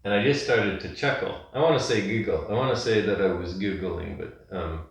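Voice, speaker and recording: A man leading a yin yoga class, giving calm, gentle cues and telling a rambling personal story. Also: fairly low pitch, moderate pace. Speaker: yoga instructor. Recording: echoey room, distant mic.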